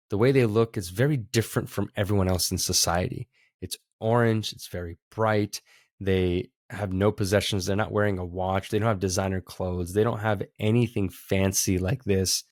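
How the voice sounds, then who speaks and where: A man's voice: fairly low pitch, no echo, studio quality. A man hosting a podcast who tells a spiritual story in an earnest, heartfelt way. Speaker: podcast host. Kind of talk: reflective storytelling talk.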